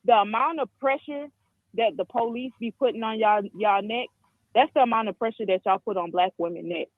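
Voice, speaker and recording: Caller, woman, 20s, from the Caribbean; frank, halting, lots of restarts; dry phone audio. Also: a little high, no room sound. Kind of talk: call-in commentary. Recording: tinny dry phone line.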